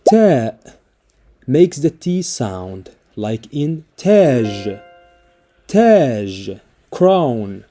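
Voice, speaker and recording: Slow, dark-voiced male alphabet teacher. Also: mid-range voice, big pitch swings, faint music behind. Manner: slow, deliberate spelling-out of each letter with example words. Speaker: language teacher. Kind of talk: scripted narration.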